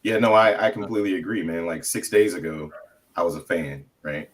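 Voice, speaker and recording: Deep-voiced laid-back man. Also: brisk, crowd noise. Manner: laid-back, says bro. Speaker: guest crypto streamer. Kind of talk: casual live-stream chat.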